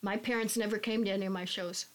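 A woman's voice: mid-range voice, fairly even intonation, quick pace. A middle-aged woman who acts in community theater, chatting candidly in a casual panel discussion.

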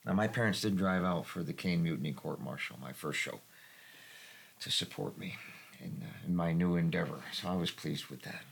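Gravelly deep-voiced man. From New England, US. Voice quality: gravelly, husky low voice. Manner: reflective, halting, with frequent restarts. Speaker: community theater actor. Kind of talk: casual panel discussion.

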